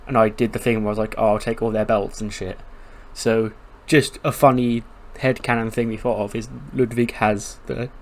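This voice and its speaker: A man casually narrating his game playthrough, chatty and storytelling with lots of fillers. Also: mid-range voice. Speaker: game streamer.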